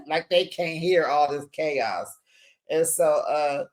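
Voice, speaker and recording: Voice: medium pitch, slow pace. Sassy reality TV recap host. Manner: sassy, dramatic, acts out quotes, calls viewers "child" and "besties". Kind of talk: gossipy recap monologue.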